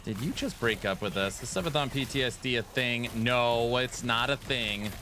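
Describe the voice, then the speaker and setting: A man's voice: mid-range voice, normal speed, pushed and bright, slight background noise. A man streaming a video game, bantering playfully and defensively with his chat. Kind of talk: casual gaming stream chat.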